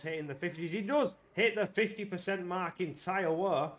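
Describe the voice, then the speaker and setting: A man giving live commentary on an online racing league, getting excitable and loud when the action heats up. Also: high voice, normal speed, hardly any pauses, a little hiss or hum. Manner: excitable, rises to shouts at action.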